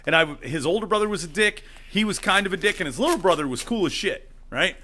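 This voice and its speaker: Laughing as he goes, a thirty-something man co-hosting a podcast recounts a story in casual conversation and mimics the voices of its characters. His voice is high and bright, with lively intonation, a forceful tone and quick delivery.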